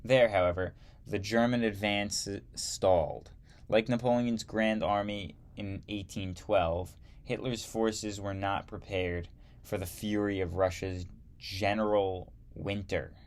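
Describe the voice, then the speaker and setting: A man teaching history, reading a textbook aloud slowly and adding wry asides. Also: on the low side, fairly even intonation.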